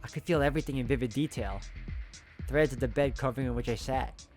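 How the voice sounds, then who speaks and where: A man's voice: mid-range voice, quick pace, a little mellow, faint music behind. A man reading a visual novel aloud and adding chuckling asides. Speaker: let's-play host.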